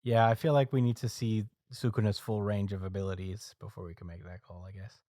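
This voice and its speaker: Low-voiced man recapping in loose chat. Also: flat delivery, fairly quick, dark tone, no echo, clean studio sound. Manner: loose storytelling full of ums and uhs. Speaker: podcast co-host. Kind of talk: casual chat, recapping a manga chapter.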